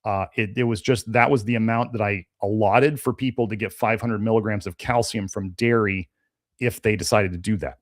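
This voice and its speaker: A man with a fairly low, evenly intoned voice, speaking at normal speed, hosts a health podcast live-stream Q&A, rambling through chat questions with lots of fillers and restarts. He sounds a little congested, slightly stuffy and sneezy.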